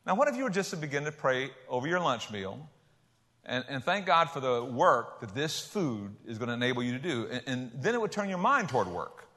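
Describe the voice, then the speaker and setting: An older man preaching a sermon in a folksy, joking way, swinging between loud emphasis and soft asides. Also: mid-range voice, big pitch swings, brisk. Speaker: pastor. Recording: hall reverb.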